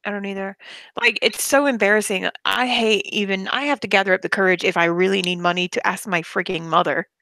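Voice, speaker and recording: A woman's voice: medium pitch, fairly even intonation, a little fast, sharp tone, dry recording. A woman hosting a casual livestream chat, telling a story animatedly and laughing as she goes.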